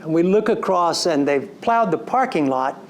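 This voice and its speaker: A man giving a storytelling lecture to an audience, recounting a personal story in an animated way and slipping into quoted dialogue. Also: fairly high pitch, normal speed, slight background noise. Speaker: story coach.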